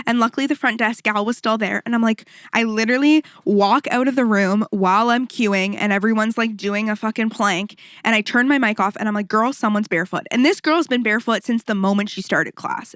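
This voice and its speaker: Animated, profane woman podcaster, higher voice. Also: no room sound, studio quality. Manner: animated, profane, rambling with quick asides. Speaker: podcast host and fitness instructor. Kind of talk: casual solo storytelling.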